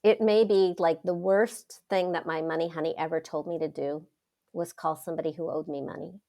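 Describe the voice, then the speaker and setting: Dramatic, expressive woman coach. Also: deep voice, a little fast, creaky. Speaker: wealth coach, podcast guest. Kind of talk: casual interview chat.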